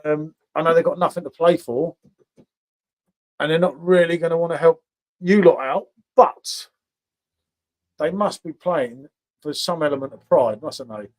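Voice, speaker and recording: A man's voice: fairly high pitch, unhurried, long pauses. A man hosting a casual beer review livestream, chatting with viewers by name and tagging questions onto his sentences. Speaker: beer review channel host.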